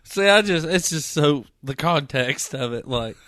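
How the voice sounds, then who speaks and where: Animated, profane man telling a story. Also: on the high side, a little slow, no room sound, clean studio sound. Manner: animated, profane storytelling, mimics people he quotes. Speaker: podcast host. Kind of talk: casual storytelling chat.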